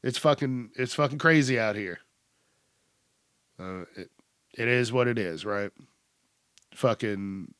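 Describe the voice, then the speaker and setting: A young man hosting a podcast, retelling a news story in a profane, animated way and acting out the quotes. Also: lowish voice, a little slow, long pauses, no room sound, clean studio sound. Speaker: podcast host. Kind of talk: casual news commentary.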